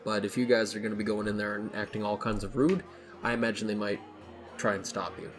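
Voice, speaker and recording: A man's voice: lowish voice, steady tone, fast, soft background music. A man running a tabletop game as game master, narrating casually with many fillers.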